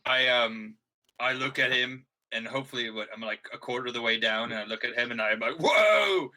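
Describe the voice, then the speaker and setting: A man's voice: mid-range voice, flat delivery, a little fast, pushed and bright, slight background noise. A man playing a tabletop game, talking hesitantly with many fillers. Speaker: player. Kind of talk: casual tabletop role-play.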